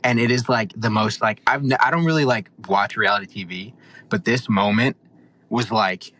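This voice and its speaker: A young man on a podcast, excitedly recapping a reality show in a rambling, animated way. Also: fairly low pitch, normal speed, slight background noise, low-quality recording. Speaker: podcast co-host.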